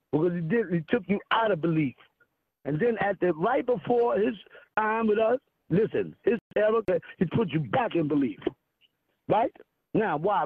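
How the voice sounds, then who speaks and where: A man's voice: sits high, slightly rough, no room sound. A man preaching a combative, profane monologue to an audience, firing rhetorical questions at his listeners. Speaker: self-styled spiritual leader. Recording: tinny phone-like radio broadcast.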